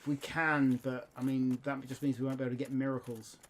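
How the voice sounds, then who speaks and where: A young British man co-hosting a game playthrough, easygoing and sweary, quick to agree. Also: mid-range voice, little pitch movement. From United Kingdom. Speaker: let's play co-host. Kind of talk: casual gaming banter. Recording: faint background noise.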